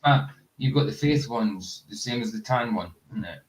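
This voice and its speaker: A man's voice: medium pitch, expressive, moderate pace, over a noisy crowd. Joking man chatting casually on a stream. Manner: joking, laughs often, wanders off mid-sentence. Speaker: livestream host. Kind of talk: casual chat.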